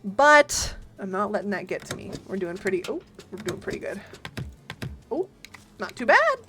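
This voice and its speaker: A woman's voice: medium pitch, sing-song, moderate pace, sharp tone. A woman streaming a game, chatting playfully with her viewers and giggling often. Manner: giggly, playful, talks to chat. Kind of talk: casual gaming stream chat. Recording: faint game music behind.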